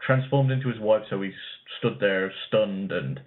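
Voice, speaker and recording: A man's voice: lowish voice, moderate pace. A man co-hosting an anime podcast, chatting casually in a rambling, hesitant way with fillers and the odd swear word. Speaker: podcast co-host. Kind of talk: casual chat reviewing an anime. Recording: tinny phone-like line.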